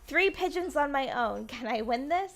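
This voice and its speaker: A woman's voice: high-pitched, animated, normal speed. A woman playing a visual novel and reading its narration and lines aloud with a light, joking touch. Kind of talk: playful game reading.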